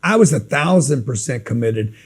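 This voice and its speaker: A man's voice: medium pitch, lively intonation, moderate pace, breathy edge. A man giving a blunt, emphatic motivational talk in a street-style coaching manner. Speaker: motivational speaker.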